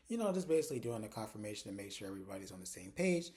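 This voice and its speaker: Chatty young man with a mellow voice. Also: on the low side, very fast, few pauses. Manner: chatty, animated storytelling. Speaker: TV episode reviewer. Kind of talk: casual recap with acted quotes.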